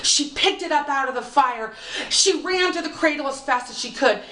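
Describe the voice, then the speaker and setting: A woman telling a folk tale aloud with expressive, dramatic pacing, recorded from a distance in an echoey room. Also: high-pitched, normal speed. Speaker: storyteller. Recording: roomy, distant mic.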